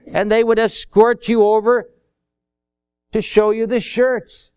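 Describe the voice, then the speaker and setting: A man's voice: high-pitched, little pitch movement, slow, pauses often, a little mellow, clean tone. A man preaching a sermon in a folksy way, acting out little everyday dialogues to make his points. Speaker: pastor.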